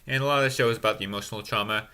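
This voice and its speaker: Fast-talking sarcastic man recapping a movie. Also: on the low side, clean tone. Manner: deadpan self-mocking snark. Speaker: movie reviewer.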